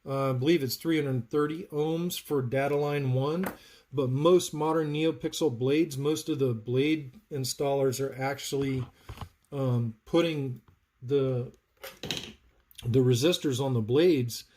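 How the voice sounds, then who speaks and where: An unhurried, steady man with a mid-range, darkish voice hosts a live soldering tutorial chat, with a little hiss or hum in the audio. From North Carolina, US, he builds sabers and talks viewers through his soldering while answering their questions.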